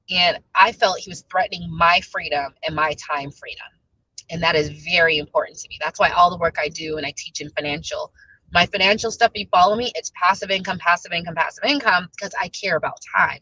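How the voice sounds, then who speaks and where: A woman in her thirties chats to her viewers in a bright, forward voice with a husky, breathy edge. She tells her stories loosely and laughs easily along the way. The recording is dull and lo-fi. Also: medium pitch, brisk. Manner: chatty, storytelling, laughs easily. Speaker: spiritual life coach vlogger. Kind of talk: casual talk to viewers.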